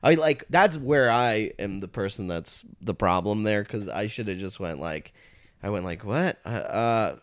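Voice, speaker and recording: A comedian guesting on a casual podcast chat tells stories in a fairly low voice at normal speed. He's an animated storyteller, acting out quotes and swearing freely.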